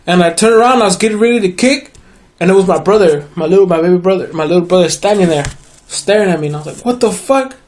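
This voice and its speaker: High-voiced young man telling a story. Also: darkish tone. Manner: swearing, laughing storyteller. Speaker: podcast co-host. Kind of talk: casual chat.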